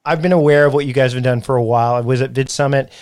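A man's voice: medium pitch, steady tone, very fast, a little mellow, dry recording, studio quality. A man hosting a podcast interview, talking in a chatty, rambling way with frequent laughs. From Canada. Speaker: podcast host. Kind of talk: casual interview chat.

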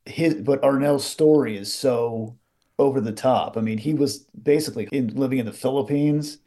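A man's voice: mid-range voice, moderate pace. A man co-hosting a podcast, chatting casually and reacting to his partner. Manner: relaxed, reacts with short agreements. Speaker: podcast co-host. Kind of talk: casual chat.

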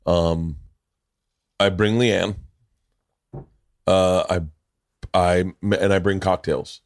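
A middle-aged man hosts a podcast in a loose, rambling way. He swears freely and jumps into other people's voices as he tells his stories. His voice sits fairly low, and the sound is dry and close. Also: fairly even intonation, drawn-out words, dry recording. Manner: rambling, profane storytelling that acts out other people's lines. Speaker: podcast host. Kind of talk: casual chat.

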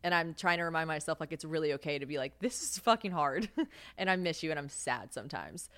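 A woman's voice: low voice, fairly quick. A young woman hosting her own podcast, talking candidly about her life in casual chat, swearing freely, laughing often and acting out quoted lines. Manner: candid and profane, animated, laughs often, acts out quoted voices. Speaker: podcast host.

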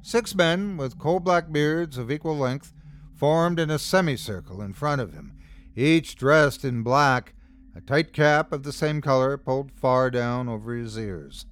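A male host narrates a pulp horror tale in a measured, dramatic reading. He speaks slowly and keeps his pitch in an ordinary middle range. The delivery is scripted storytelling. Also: smooth.

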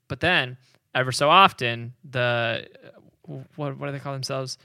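A man's voice: medium pitch, measured pace, sharp tone, clear, resonant tone, no room sound, studio quality. A man co-hosting a podcast, telling history in casual rambling chat, laughing often and hedging on figures. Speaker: podcast co-host.

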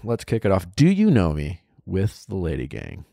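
A man hosting a podcast in casual chat, talking in a halting way with many fillers and restarts. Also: sits low, huge pitch swings, creaky, warm tone, dry recording, studio quality. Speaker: podcast host.

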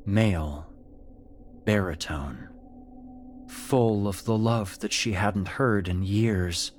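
A man narrating a scripted horror story in a measured, dramatic way. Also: on the low side, a little hiss or hum.

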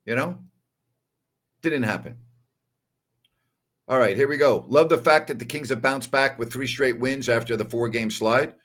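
A man from New York hosts a solo basketball postgame livestream, speaking casually and emphatically and saying "all right" over and over. His voice is medium-pitched and a little bright, with a moderate pace and frequent pauses.

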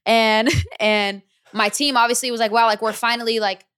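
Brief young woman, singer guest, slangy animated storyteller, dry close mic. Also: on the high side, moderate pace, smooth, no echo. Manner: animated, slangy, acts out her own past reactions. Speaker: recording artist guest. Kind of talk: casual interview storytelling.

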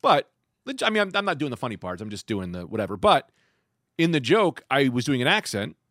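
A man's voice: mid-range voice, fast talker, no room sound, clean studio sound. A man chatting casually on a comedy podcast, telling stories with jokes. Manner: animated, joking storyteller with lively swings.

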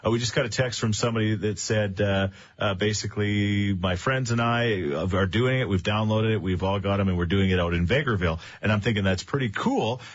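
A middle-aged Canadian man hosts a morning radio show, chatting casually with fillers and restarts. His fairly low voice moves fairly quickly, with hardly any pauses, and the broadcast sounds muffled and lo-fi.

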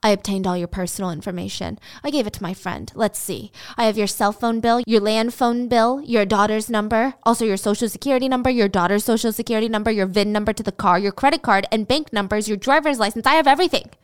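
A woman voicing a violent adult man who shouts menacing, profane threats in a raised voice. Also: medium pitch, fast talker, few pauses, smooth, natural voice. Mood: gloating.

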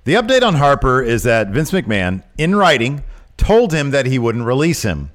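A man co-hosting a podcast in casual chat. His pitch swings widely as he talks, climbing high whenever he gets worked up and outraged. His delivery is lively and emphatic. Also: moderate pace. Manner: animated, rising to outraged emphasis. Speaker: podcast co-host. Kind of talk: casual wrestling news chat.

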